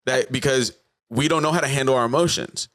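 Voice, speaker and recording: A man from South Florida, a comedian guest on a podcast, telling stories in an animated way and acting out bits of dialogue. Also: medium pitch, brisk. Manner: animated storyteller, acts out dialogue. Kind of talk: casual podcast chat.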